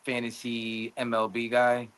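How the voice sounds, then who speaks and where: A man's voice: medium pitch, completely flat delivery, measured pace, over a noisy crowd. A man co-hosting a podcast, bantering loosely with slang. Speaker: podcast co-host. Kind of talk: casual podcast chat. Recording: faint noise and clicks.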